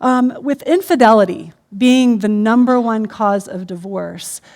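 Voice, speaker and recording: A middle-aged woman shares a church sermon with her husband, and her voice is a bit high for a woman. She talks in a relaxed, conversational way, often stopping for an um. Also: unhurried. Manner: conversational, frequent ums. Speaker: co-pastor. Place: church stage.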